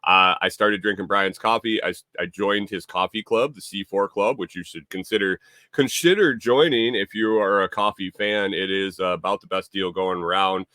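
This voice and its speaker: A man's voice: low voice, normal speed, sharp tone, dry recording, studio quality. A man hosting a casual live stream, rambling and repeating himself, reading viewer comments aloud. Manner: reads viewer chat aloud. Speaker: livestream host.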